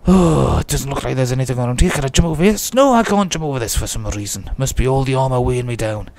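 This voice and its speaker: A man's voice: medium pitch, animated, fast, a little mellow. A man giving chatty, jokey commentary as he plays a game and talks to himself. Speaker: let's play host. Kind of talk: casual gameplay commentary.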